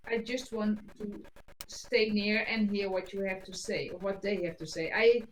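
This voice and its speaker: A woman player in a casual tabletop game, speaking in a hesitant, halting way. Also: mid-range voice, fairly even intonation, poor audio.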